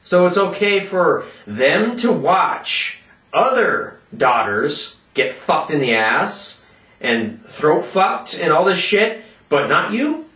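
Loud, foul-mouthed ranting man. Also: fairly high pitch, very animated, slow. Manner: profane, loud, yelling rant. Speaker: vlogger. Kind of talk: angry ranting vlog. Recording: roomy echo, distant mic.

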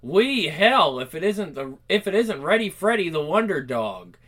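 A man's voice: high-pitched, big pitch swings, moderate pace, fairly bright tone, full character voice. A man reading as Kachoo, a sarcastic tough girl. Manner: dry, mocking wisecracks. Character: sarcastic tough young woman, rebellious troublemaker. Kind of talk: reading a comic aloud.

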